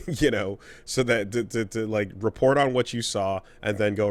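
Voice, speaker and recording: A man co-hosting a podcast in relaxed, casual chat, thinking aloud. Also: on the low side, normal speed. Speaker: podcast co-host.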